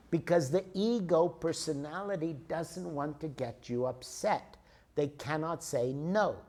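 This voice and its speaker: A man's voice: a little high, animated, moderate pace, darkish tone. A man in his sixties giving a spiritual lecture, telling stories in a conversational way to explain his points. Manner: storytelling, conversational, explains with examples.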